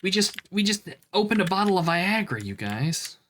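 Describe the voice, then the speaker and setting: A man's voice: sits high, very animated, moderate pace, fairly bright tone. A man streaming a retro game, chatting casually and swearing while reading game text aloud. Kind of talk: casual let's-play commentary.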